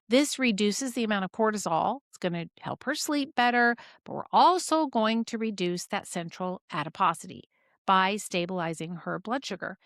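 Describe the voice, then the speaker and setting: A middle-aged woman teaching clinicians in a lively, conversational way, full of rhetorical questions. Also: mid-range voice, moderate pace, no room sound, clean studio sound. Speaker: health educator.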